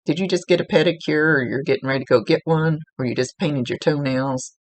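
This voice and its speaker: A woman's voice: low-pitched, fast talker, no echo. A woman working as a psychic medium, giving a casual, rambling reading and often correcting herself mid-sentence. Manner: chatty, rambling, self-correcting.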